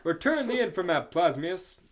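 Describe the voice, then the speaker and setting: A man's voice: fairly high pitch, big pitch swings, unhurried, very noisy, voice pushed up. A man reading fanfiction aloud, voicing a brash teenage boy ghost hero with a lightly dramatic read. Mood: eager.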